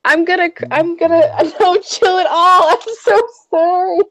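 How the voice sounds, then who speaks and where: Giddy, teary young woman, very high. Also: unhurried, a bit bright. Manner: giddy, overwhelmed, laughing and near tears. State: teary, choked up. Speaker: co-host. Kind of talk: casual livestream chat.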